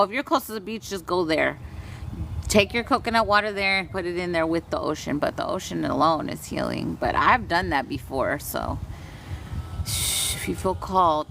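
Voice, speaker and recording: A woman with a somewhat low voice leads a live-streamed energy healing session. She chants long strings of invented syllables, then drops into loose, frank chat with her viewers and swears now and then. A faint hiss sits under her voice. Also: vocal fry, a bit bright. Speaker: spiritual healer.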